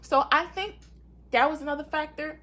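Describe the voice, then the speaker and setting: This is a young woman telling viewers a personal tale in a laid-back, spirited way at a moderate pace. She frequently says "y'all" and mimics people's words in a high-pitched voice.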